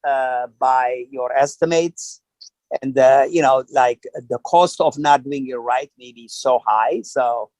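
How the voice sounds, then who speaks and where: A man's voice: mid-range voice, slow, darkish tone, no room sound, poor audio. A man coaching on a small-business program panel, talking in a rambling, hesitant way full of fillers. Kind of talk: online panel discussion.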